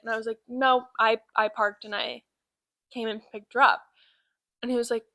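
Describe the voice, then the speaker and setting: Nineteen-year-old podcast co-host, high-ish bright voice, animated storyteller. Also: female voice, moderate pace, pauses often, no room sound, low-quality recording. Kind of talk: casual chat, storytelling.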